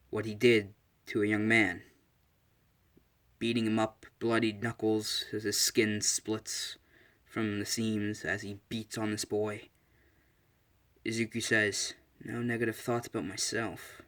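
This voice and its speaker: A man's voice: fairly low pitch, completely flat delivery, slow pace, long pauses, fairly bright tone. Hesitant man reading a fan story. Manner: hesitant, with frequent ums and restarts. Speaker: fan fiction narrator.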